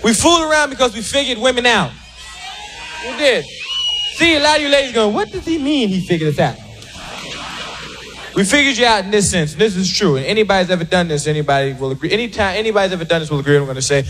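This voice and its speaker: High-pitched, shouting stand-up comedian man. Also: very fast. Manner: loud, animated, shouting punchlines. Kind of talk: stand-up routine. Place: stage before a live audience.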